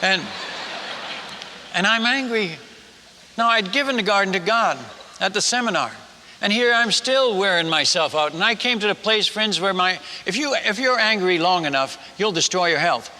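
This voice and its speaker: A missionary preacher with a high voice tells a personal story during a sermon at a normal pace, chatty and animated. He stumbles through restarts and asks the audience questions, his words echoing around the hall.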